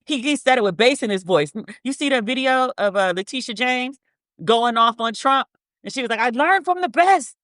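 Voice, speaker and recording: A woman's voice: on the high side, moderate pace, fairly bright tone, dry recording, studio quality. A woman hosting a podcast, giving blunt, profane commentary, repeating words for emphasis and reading statements aloud. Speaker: podcast host. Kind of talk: casual commentary.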